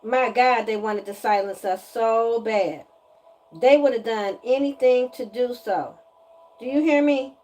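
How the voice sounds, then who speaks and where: A woman giving a casual spiritual energy reading to viewers, animated and emphatic, often repeating her lines and slipping into slang. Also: a little high, unhurried. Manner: animated, breaks into singing, emphatic and preachy.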